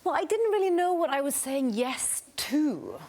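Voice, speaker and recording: A woman's voice: high-pitched, big pitch swings, moderate pace, very noisy. A woman guest on a talk show telling a breezy story and laughing.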